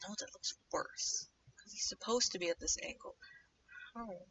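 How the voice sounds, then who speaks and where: A young woman livestreaming while she animates, chatting casually in a rambling way and drifting into low muttering to herself as she draws. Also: unhurried, pauses often, a bit bright, distant mic, a little hiss or hum. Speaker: streamer animating live. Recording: dull lo-fi mic set back from the speaker.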